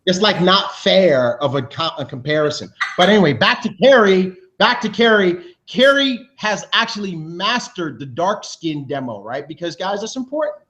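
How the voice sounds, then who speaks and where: A man hosting a team video show, announcing awards with high energy, talking fast and restarting his sentences. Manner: energetic, hyped, talks fast with loose restarts. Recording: dull lo-fi sound.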